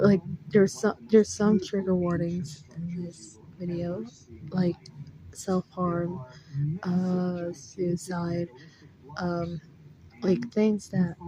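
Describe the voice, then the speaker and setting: A woman's voice: on the low side, noisy background. A young woman telling a story to camera in a casual, emotional way, near tears and full of fillers, recorded on a phone. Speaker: vlogger.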